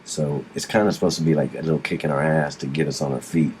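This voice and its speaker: A man's voice: rumbling low, steady tone, quick pace, a little mellow, a little hiss or hum. A middle-aged man recounting his experiences as an interview guest, rambling with frequent restarts and blunt swearing. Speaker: guest describing alien abduction. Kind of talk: casual storytelling in a recorded interview.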